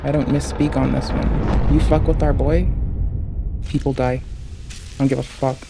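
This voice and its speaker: A man streaming a game live, swearing in heated outbursts and then muttering low and grumbling between fights. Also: level tone, normal speed, gravelly, background noise. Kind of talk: live gameplay commentary. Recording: loud game music behind voice.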